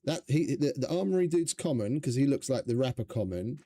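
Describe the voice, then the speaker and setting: A man's voice: mid-range voice, lively intonation, brisk, mellow, no room sound. A man streaming a survival game, chatting casually in a rambling, profane, stop-start way. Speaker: gaming streamer. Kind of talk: casual gameplay commentary.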